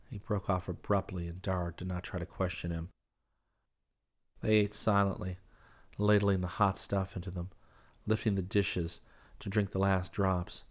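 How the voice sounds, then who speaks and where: Male audiobook narrator, deep and monotone, even storytelling. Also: a little slow. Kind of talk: scripted narration.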